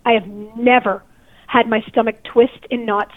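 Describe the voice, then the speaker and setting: Woman caller, shaken and near tears, high voice, phone-line sound. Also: flat delivery, normal speed, no room sound. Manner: upset, tearful storytelling. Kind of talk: telling a personal story to a radio host. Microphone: telephone. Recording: tinny phone line, dry.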